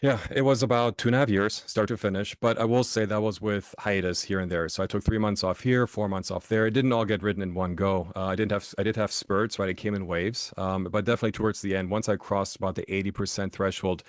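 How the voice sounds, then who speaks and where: A man's voice: lowish voice, fairly even intonation, fast, hardly any pauses, no echo, clean studio sound. A man from Germany, a podcast guest and author, telling stories in a casual interview, often restarting phrases and checking in with "right?".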